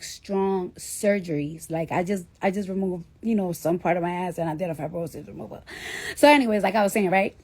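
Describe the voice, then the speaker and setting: A woman in her thirties with a fairly high voice, talking straight into her phone on a live stream. She tells her story in a loose, animated way, swears often and slips into the voices of the people she quotes. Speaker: livestreamer. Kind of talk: casual storytelling livestream.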